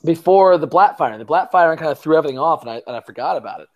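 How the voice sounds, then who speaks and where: A young man co-hosts a casual sports podcast, rambling and profane, full of fillers and restarts. His fairly high voice is animated and racing.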